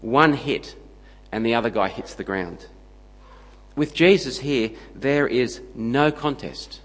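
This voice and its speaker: A man preaching a sermon, emphatic and steady, building his points into punchy lists. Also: medium pitch, slow pace, big-room sound, poor audio.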